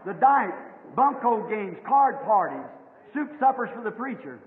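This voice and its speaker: A man preaching a sermon, who tells a story in low tones and then rises to shouted exhortation. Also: very animated, unhurried. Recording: tinny old recording in echoing hall.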